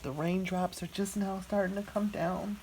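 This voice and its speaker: A woman vlogging as she unboxes a gift at home, talking softly and gushing with gratitude. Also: medium pitch, steady tone, slight background noise. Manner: slow, soft-spoken and gushing with gratitude. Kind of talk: casual unboxing narration.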